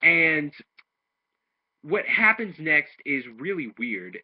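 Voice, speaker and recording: With a sing-song voice on the high side and a slow pace, this man rambles through an anime episode's plot, restarting and performing the quoted lines as he reviews it. It sounds like a dull lo-fi home recording.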